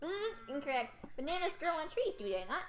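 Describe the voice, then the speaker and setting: A woman's voice: sits high, very animated, a little fast, a crowd in the background. A woman voicing a sly, riddling cat-eared teen boy who teases and dodges questions in a game reading. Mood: sly teasing. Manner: teasing, evasive, singsong.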